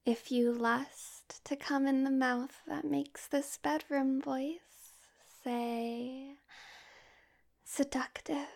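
A woman voicing an obedient female robot in an erotic audio role-play, talking in a slow mechanical monotone. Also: sits high, gravelly, full character voice.

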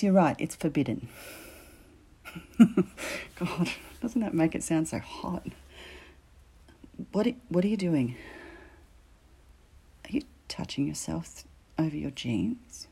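A woman voicing a teasing, commanding female teacher in an audio role-play, often dropping into soft whispers. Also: low voice, vocal fry, breathy edge, full character voice.

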